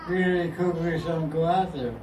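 A man's voice: on the high side, fairly even intonation, moderate pace, background noise. A man teaching a group in a casual, playful way, often laughing and mimicking sounds as he goes. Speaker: teacher explaining verses. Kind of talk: casual class talk. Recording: echoey room, from far off.

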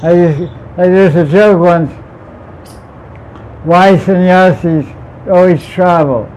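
A man's voice: high-pitched, steady tone, slow pace, a little mellow. A man teaching a scripture class in a playful way. He laughs often and puts questions to the class. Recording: dull lo-fi sound with faint vehicle noise.

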